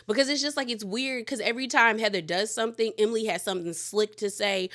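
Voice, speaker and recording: A woman's voice: fairly high pitch, fast talker. A woman giving a chatty, gossipy recap of a reality TV episode, acting out the cast's lines as she retells them. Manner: chatty, gossipy, animated retelling with quoted voices. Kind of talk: casual recap commentary.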